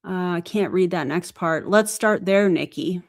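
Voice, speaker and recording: Low-voiced woman host reading aloud. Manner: reads messages aloud in an earnest, measured way. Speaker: host of a live stream. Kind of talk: live-stream commentary and reading aloud.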